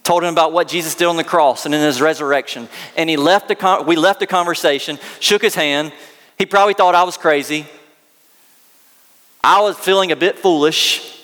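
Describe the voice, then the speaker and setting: A male pastor preaching with earnest storytelling and casual asides. His voice sits a bit high for a man. A long reverb trails each phrase in a church hall. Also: fairly quick, a bit bright. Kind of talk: sermon.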